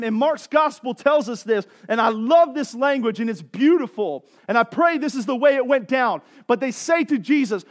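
A man, preaching a sermon in a casual, conversational way that builds to impassioned pleading. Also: very high voice. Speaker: pastor.

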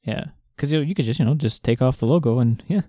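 Mellow-voiced man teasing his co-host. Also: mid-range voice, quick pace, dry recording, clean studio sound. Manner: teasing, jokey questions, laughs easily. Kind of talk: casual chat.

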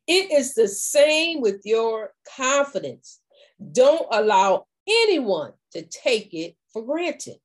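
Animated, slow-talking woman coach. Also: fairly high pitch. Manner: animated, acts out little dialogues. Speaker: confidence coach. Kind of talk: faith-based motivational talk.

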